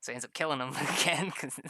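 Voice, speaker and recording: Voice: medium pitch, moderate pace, sharp tone, dry recording, studio quality. A streamer chatting casually while drawing maps, rambling, swearing freely, often laughing at themselves.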